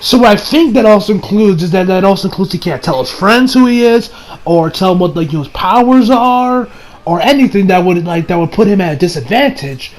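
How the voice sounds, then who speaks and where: A man's voice: high-pitched, expressive, a little fast, low-quality recording. A man giving a casual episode recap and review, rambling with many restarts and self-mocking asides. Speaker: anime reviewer.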